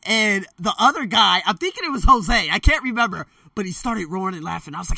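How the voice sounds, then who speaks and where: A man with a bright, slightly higher voice tells a rambling story straight to his viewers. He talks loosely, with lots of fillers and quick self-corrections, and slips into lively voices for the people he quotes. He sounds dry and a bit set back from the mic. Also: no echo, recorded from a distance. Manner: animated, jumps into quoted voices. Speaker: storyteller vlogger. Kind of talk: casual spoken storytelling.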